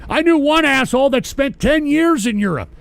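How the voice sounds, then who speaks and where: A man's voice: extremely high pitch, expressive, moderate pace, vocal fry, a bit bright, no echo. A man hosting a live-streamed political show, ranting and berating his listeners with constant profanity. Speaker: host.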